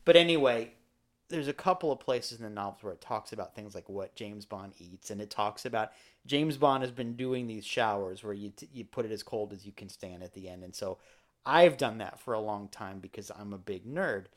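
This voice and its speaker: A man's voice: fairly low pitch, normal speed. Guy cohosting a podcast, goofy rambly chat, just talking casual. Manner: playful, rambling storyteller. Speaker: podcast co-host.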